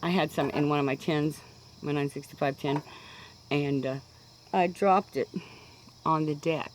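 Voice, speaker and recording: A woman's voice: deep voice, steady tone, a little slow, low-quality recording. Woman, 60s, Kansas accent, casual chatty vlogger who wanders off topic; recorded outdoors with faint insect noise. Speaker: pipe-smoking vlogger. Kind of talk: casual rambling monologue.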